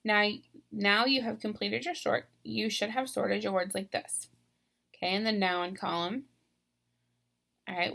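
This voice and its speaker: Woman teacher, spelling lesson video, slow deliberate delivery, gravelly edge. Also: medium pitch, steady tone, pushed and bright. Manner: slow, deliberate, stresses syllables.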